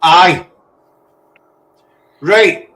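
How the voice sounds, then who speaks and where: A man's voice: sits high, very slow, pushed and bright, low-quality recording. Rambling chatty man. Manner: chatty, rambling, easily sidetracked. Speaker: host. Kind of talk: casual chat.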